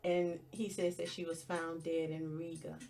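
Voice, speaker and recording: A woman's voice: sits low, flat delivery, normal speed, creaky, a little mellow, soft background music. A woman hosting a podcast, telling the plot of a show step by step in a casual, storytelling way. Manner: storytelling, plainly retells scenes step by step. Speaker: podcast host. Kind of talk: casual movie recap.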